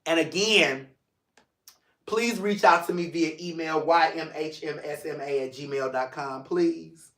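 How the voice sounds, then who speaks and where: In a reverberant recording, a St. Louis, Missouri man with a slightly high voice speaks a little slowly on his solo livestream talk show. He jokes around animatedly but drifts at times into sincere, emotional reflection.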